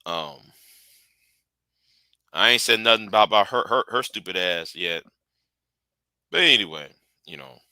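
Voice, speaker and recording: A man's voice: fairly low pitch, expressive, measured pace, long pauses, bright, forceful tone, clear, resonant tone, no room sound, low-quality recording. A man hosting a livestream, ranting heatedly and profanely, often repeating and restarting his words. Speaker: livestream host. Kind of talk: angry livestream rant.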